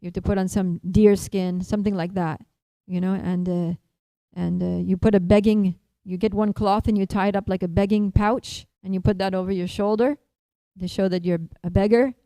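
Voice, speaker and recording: A woman voicing a helpful forest goddess who gives brisk, detailed instructions. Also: mid-range voice, steady tone, dark tone, dry recording, natural voice, rough recording. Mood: instructive.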